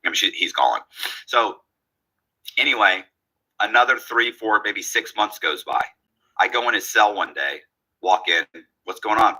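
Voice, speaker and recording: A man's voice: lowish voice, unhurried, long pauses, breathy edge, rough recording. A man telling a long story in a casual way, acting out the lines of the people in it. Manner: animated, acts out quoted dialogue.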